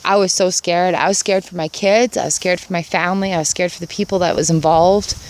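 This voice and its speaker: In a casual gratitude vlog recorded in her yard, a middle-aged woman speaks earnestly and upbeat, repeating phrases to drive them home. Her voice is lowish and steady, a little fast.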